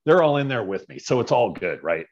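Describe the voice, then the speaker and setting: A man casually telling a story as a podcast guest, animated and often tagging his lines with "right?". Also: medium pitch, a little fast, muffled recording.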